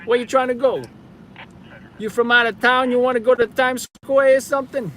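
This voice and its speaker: A man's voice: very high-pitched, fairly even intonation, normal speed, a bit bright, voice pushed up. A man doing an exaggerated New York accent as a chatty male cab driver. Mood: brash.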